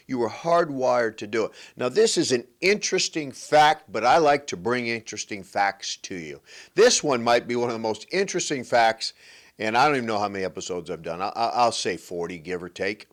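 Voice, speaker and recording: Animated man hosting an advice show. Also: medium pitch. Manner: playful, joking, emphatic, repeats points. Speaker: show host giving relationship advice. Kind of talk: animated monologue to camera.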